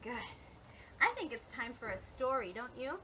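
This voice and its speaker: A woman's voice: on the high side, big pitch swings, moderate pace, sharp tone, a little hiss or hum. A woman teaching a playful yoga class for children and families, talking in a sing-song way, singing and making animal sounds. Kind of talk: playful kids' yoga instruction with songs and a story.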